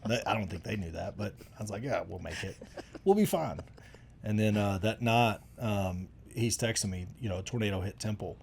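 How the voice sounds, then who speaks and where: A man's voice: lowish voice, steady tone, fairly quick, vocal fry, hardly any pauses, a little hiss or hum. A middle-aged man, chatting casually and telling rambling, folksy stories with lots of restarts. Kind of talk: casual conversation.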